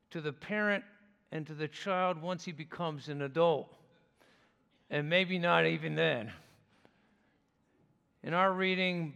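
A man preaching a sermon as pastor, speaking in a slow, measured way with deliberate pauses. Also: fairly high pitch, fairly bright tone, smooth. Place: church sanctuary. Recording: long reverb of a church hall.

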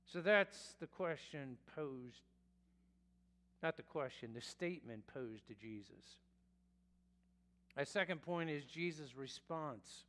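A male pastor preaching a sermon in a slow, deliberate way, sometimes correcting himself mid-phrase. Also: on the high side, animated, fairly bright tone. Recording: long reverb of a church hall.

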